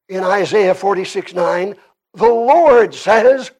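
A Canadian-accented man preaches a sermon emphatically, moving between quiet and loud passages. His high voice is expressive and unhurried.

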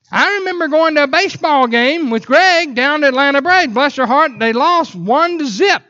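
A man preaching a sermon in a church, telling animated stories broken up by sudden whoops. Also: very high-pitched, normal speed, hardly any pauses, muffled recording. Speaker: pastor. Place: church sanctuary.

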